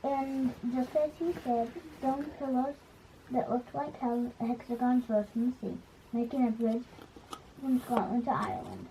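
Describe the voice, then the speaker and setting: A woman narrating a fairy tale for a puppet show, reading haltingly and restarting words. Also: a little high, steady tone, mellow, a little hiss or hum, poor audio. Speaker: storyteller.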